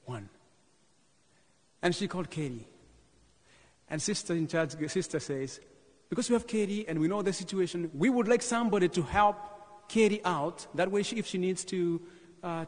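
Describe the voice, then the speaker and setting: A man from Kenya in his thirties gives an animated sermon, retelling his own mission story and drawing in the congregation. His voice sits a little high for a man, and a long church reverb trails behind each phrase. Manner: animated testimony, calls to the congregation. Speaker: parish mission speaker.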